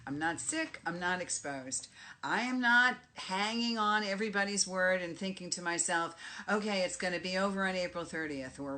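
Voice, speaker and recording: A woman's voice: on the low side, bright, forceful tone. A middle-aged woman with a New York accent, a life coach giving a direct, emphatic motivational talk. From Bronx, New York. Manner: emphatic and direct, punches key phrases. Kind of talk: motivational monologue.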